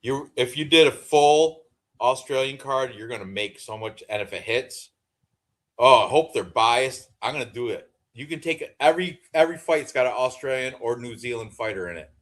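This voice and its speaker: This co-host of a sports betting show is a man in his fifties whose casual rambling is full of laughter and free swearing. His mid-range voice is fairly bright, with lively intonation and a normal speed.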